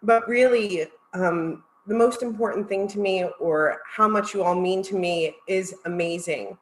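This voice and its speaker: A woman's voice: mid-range voice, measured pace, reverberant, a little hiss or hum, poor audio. A woman presenting at a virtual conference, heartfelt and close to tears as she thanks her audience. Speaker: marketing executive presenter.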